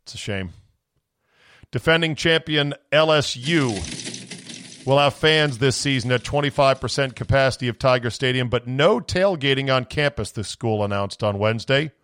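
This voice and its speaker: A man's voice: mid-range voice, normal speed, smooth, dry recording, studio quality. A man hosting a sports podcast, ranting with sarcasm and indignation, his voice worn from screaming. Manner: sarcastic, indignant, swings into shouting. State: voice going from screaming. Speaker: podcast host.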